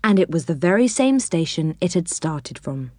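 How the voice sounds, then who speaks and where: A woman narrates a children's storybook with animated, expressive delivery. Her pitch moves freely through each sentence. The sound is close and dry. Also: moderate pace, dry recording.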